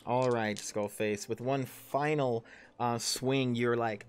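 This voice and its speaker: A man's voice: medium pitch, steady tone, slow pace. A man in his thirties narrating a tabletop game as game master and player, rambling with many ums and self-corrections, and swearing casually. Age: 30s.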